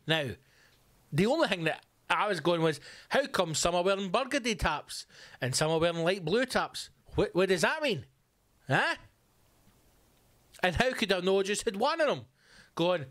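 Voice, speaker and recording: A man's voice: sits high, big pitch swings, moderate pace, long pauses, fairly bright tone, no echo. A man hosting a podcast, ranting comically with sarcastic swearing asides. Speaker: podcast host. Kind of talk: comic rant. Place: home room.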